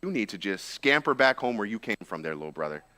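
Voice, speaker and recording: A scornful older brother murmurs low and sneering, belittling his little brother as a preacher puts him on. The voice is quiet and needling, with a hard, bright edge even as it drops. It sounds like spoken storytelling from a pulpit. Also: fast. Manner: low, hushed, needling taunt.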